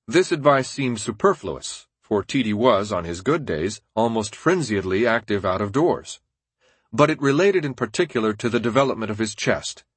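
A man reading a nonfiction audiobook in a steady, measured narration. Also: on the low side, husky, dry recording.

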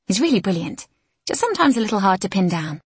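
A woman voicing an excitable young woman friend in an audiobook, eager and quick. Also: mid-range voice, slightly rough, no room sound. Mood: bright.

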